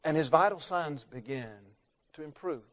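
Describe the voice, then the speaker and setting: Male preacher, sermon storytelling, dramatic, loud peaks and hushed drops, slows on key words. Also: a little high, expressive.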